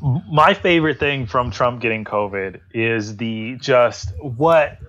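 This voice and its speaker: A man's voice: mid-range voice, lively intonation, takes it slowly, fairly bright tone, lo-fi sound. A man co-hosting a podcast, rambling and sarcastic in casual political chat, swearing freely. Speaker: podcast co-host.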